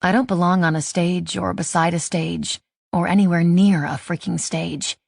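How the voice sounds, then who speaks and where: A woman's voice: fairly low pitch, steady tone, normal speed, creaky, darkish tone, no room sound, studio quality. A woman narrating a first-person audiobook in a wry, self-deprecating way.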